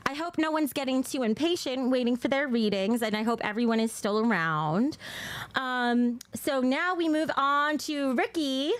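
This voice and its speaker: High-voiced chatty woman tarot streamer. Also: normal speed, clean tone. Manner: chatty, reads viewer names and pulls cards aloud. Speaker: psychic tarot reader streaming live. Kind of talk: casual livestream chat.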